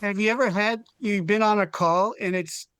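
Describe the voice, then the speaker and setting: A man's voice: high-pitched, normal speed, fairly bright tone, clean tone, no room sound. Easygoing male guest comedian, dry sound. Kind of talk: casual comedic chat.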